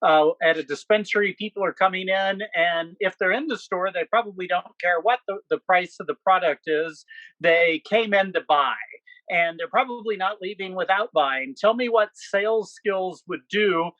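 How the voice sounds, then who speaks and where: A man's voice: high-pitched, normal speed, a bit bright, no echo, highs cut off. A man asking a question on a video call, hesitant and full of fillers. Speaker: audience member asking a question.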